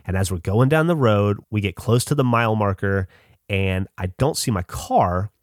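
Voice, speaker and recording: A man's voice: on the low side, lively intonation, normal speed, no echo, studio quality. A man casually telling a long, rambling story as a podcast host, with lots of swearing and restarts.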